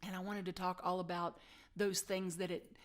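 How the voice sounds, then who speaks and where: A middle-aged woman pastor preaching in a chatty, self-deprecating way, sometimes dropping to a soft whisper for emphasis. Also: fairly low pitch, flat delivery, moderate pace. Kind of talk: sermon.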